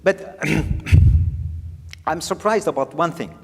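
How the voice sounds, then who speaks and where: In a slightly high voice with vocal fry, a man speaks very slowly as he runs a piano master class. Playful and animated, he sings out phrases and jokes as he coaches. A faint piano sounds in the reverberant hall.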